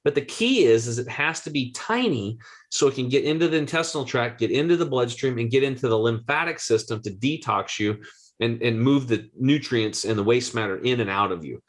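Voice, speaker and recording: A man in his forties, a guest health coach, telling a story with excitable, slangy energy. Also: medium pitch, brisk. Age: 40s. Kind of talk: animated storytelling.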